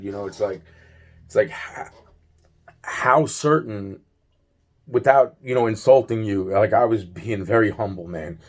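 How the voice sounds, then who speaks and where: Guy ranting into the camera, lowish voice, swears constantly, loses his thread, sounds fed up and tired. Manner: rambling, heavily profane, many restarts and fillers; agitated, worn out. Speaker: vlogger. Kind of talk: rambling solo video monologue.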